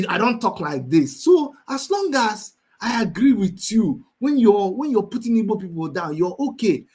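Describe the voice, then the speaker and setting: A man with a Nigerian accent hosting a livestream, speaking with passion, repeating phrases for emphasis and reading out viewer comments. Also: a little high. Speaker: livestream host.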